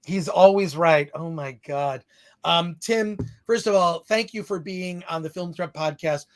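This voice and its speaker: A man hosting a live-streamed podcast, with a voice that sits higher than most men's. He rambles along, reads viewer messages aloud and laughs easily at himself. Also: unhurried, fairly bright tone. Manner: rambling, laughing, self-deprecating. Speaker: podcast host. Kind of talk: live-stream podcast chat, reading super chats.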